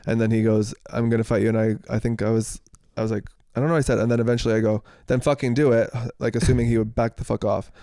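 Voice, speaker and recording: A young man co-hosting a podcast, telling a story in casual chat, animated, laughing and swearing freely. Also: lowish voice, racing, hardly any pauses, no echo, studio quality. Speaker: podcast co-host.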